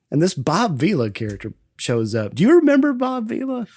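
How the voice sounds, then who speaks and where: A man hosting a casual podcast and recapping a film, laughing often and acting out lines in quick voices. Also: high voice, wildly swooping pitch, darkish tone, no echo, studio quality. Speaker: podcast host. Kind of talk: casual movie recap chat.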